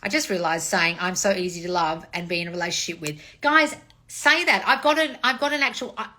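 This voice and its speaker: Forty-something woman coach on a livestream, bright punchy voice, sweary and blunt, swoops up high on her thank-yous. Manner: blunt, profane tough love; sweeping high "oh wonderful, darling" replies. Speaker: manifestation and dating coach. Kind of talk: casual livestream chat reading comments.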